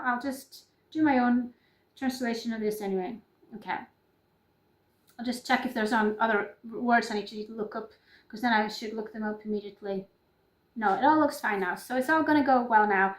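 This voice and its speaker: A woman with a Norwegian accent talks in a loose, rambling vlog style, often stopping to apologize and start over. Her voice sits a little high. The room around her rings with echo. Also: moderate pace. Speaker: YouTuber. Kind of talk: casual improvised vlog chat. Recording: echoey room.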